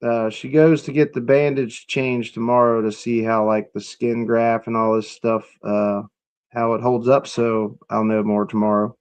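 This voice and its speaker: A man's voice: mid-range voice, level tone, unhurried, clear, resonant tone. A man hosting a casual live stream, reacting to clips and chatting with viewers in an offhand, profane way. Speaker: livestream host.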